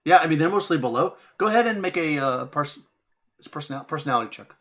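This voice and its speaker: A young man running a tabletop game as game master, narrating casually with many restarts and quick laughs. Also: on the high side, lively intonation, a bit bright.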